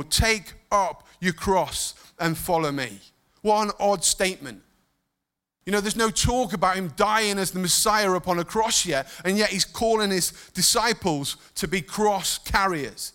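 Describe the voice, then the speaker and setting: Male preacher, emotional and animated, bright tone, slightly high pitch. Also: clear, resonant tone. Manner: emotional, animated storytelling with sudden soft drops. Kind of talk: sermon.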